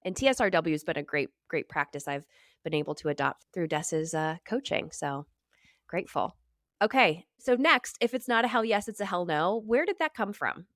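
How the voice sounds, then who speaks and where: Reflective woman podcast host, low dry voice. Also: lively intonation, moderate pace, fairly bright tone, no room sound. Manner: reflective, asks probing questions. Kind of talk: conversational interview.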